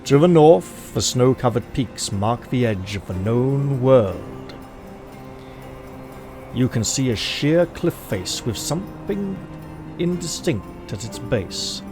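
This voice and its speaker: A man reads a solo adventure gamebook aloud at an unhurried pace, in a measured and dramatic way. He breaks off to talk through his choices, and clear music plays behind him throughout. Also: mid-range voice, big pitch swings. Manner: measured, deliberate, dramatic reading. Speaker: gamebook player and narrator.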